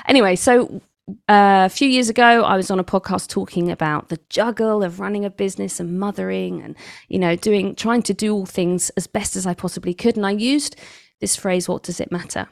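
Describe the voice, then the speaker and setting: Animated English woman, dry sound. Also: a little fast, vocal fry, dry recording. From England. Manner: animated, quoting others with big pitch jumps. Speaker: author and guest. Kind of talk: conversational interview storytelling.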